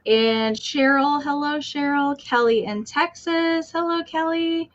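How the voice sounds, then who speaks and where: A woman's voice: high-pitched, slow, muffled recording. A woman hosting a live online sale, chatting casually and greeting viewers one by one. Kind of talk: casual livestream chat.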